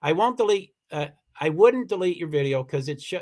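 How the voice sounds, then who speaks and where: Man, livestream host, a touch higher-pitched, halting casual delivery, insistent streak. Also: expressive, a little mellow. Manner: halting, many restarts, firm and insistent when annoyed. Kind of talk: casual livestream chat reading comments.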